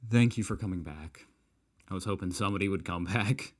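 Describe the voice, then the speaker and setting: A man's voice: low voice, a little fast. An American man hosting a reaction video, chatty and self-deprecating as he muses aloud. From United States. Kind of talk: casual reaction commentary.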